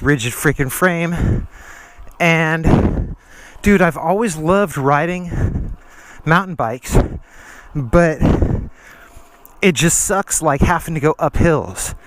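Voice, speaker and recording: A man's voice: a little high, slow pace, long pauses. A man out of breath, vlogging casually while riding a trail, rambling and slangy. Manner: slangy and rambling, says dude and freaking. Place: outdoor trail.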